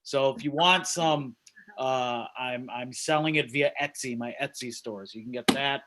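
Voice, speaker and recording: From a small room at home, a man hosts an open mic over a video call, riffing and rambling through self-deprecating stand-up bits as host and comedian. His voice is medium-pitched and sharp in tone at a moderate pace, with a little hiss or hum in the audio.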